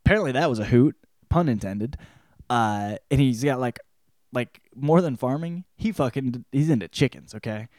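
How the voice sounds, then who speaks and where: A man hosting a podcast, giving a casual spoken book report in a profane, rambling way, breaking into loud quoted outbursts. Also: mid-range voice, animated, normal speed, no echo, clean studio sound. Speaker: podcast host.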